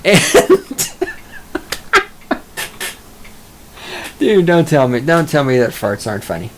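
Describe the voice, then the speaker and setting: A man's voice: mid-range voice, animated, brisk, slight background noise. Male solo podcaster, rambling and swearing, self-mocking, mid-range voice. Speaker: podcast host.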